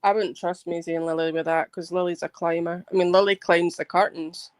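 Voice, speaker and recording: A woman hosting a livestream, telling a rambling story in an animated way, swearing and restarting her sentences. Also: fairly low pitch, a little fast, dry recording. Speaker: livestream host. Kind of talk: casual livestream chat.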